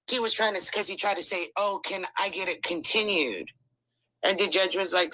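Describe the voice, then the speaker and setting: A middle-aged woman telling a court story in an animated, emphatic way, swearing freely and acting out the people she quotes. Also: lowish voice, normal speed, dry recording, rough recording. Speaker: guest recounting a court case.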